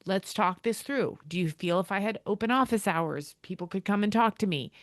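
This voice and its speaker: A woman's voice: mid-range voice, normal speed, dry recording, studio quality. A middle-aged American woman, a school leader, talking as a podcast guest and acting out quoted dialogue in her stories. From United States. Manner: animated storyteller, acts out quoted dialogue. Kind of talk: casual interview talk.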